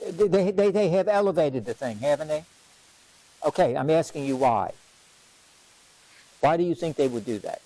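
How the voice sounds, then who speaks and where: A man leading a parish Bible study as its teacher, questioning his class and repeating key lines for emphasis in an unhurried classroom lecture. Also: on the high side, expressive, warm tone, low-quality recording. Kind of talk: lively classroom lecture on scripture.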